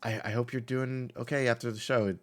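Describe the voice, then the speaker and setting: A man's voice: mid-range voice, little pitch movement, brisk. A man narrating as game master in a casual, laugh-filled way.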